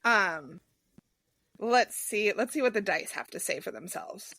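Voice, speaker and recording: A woman co-hosting a casual sports podcast, speaking in a slow, deliberate way. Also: medium pitch, animated, creaky, sharp tone. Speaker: podcast co-host.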